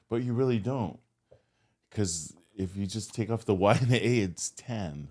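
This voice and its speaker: A man's voice: on the low side, moderate pace, darkish tone. A man co-hosting a podcast in casual chat, mostly listening with short agreements and sometimes musing aloud. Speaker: podcast co-host.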